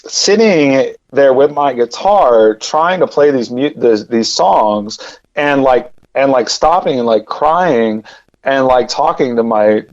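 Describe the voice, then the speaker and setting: A man telling a personal story as a podcast guest, rambling and animated, with lots of fillers and repeated words. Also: mid-range voice, slow, highs cut off. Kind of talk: casual storytelling.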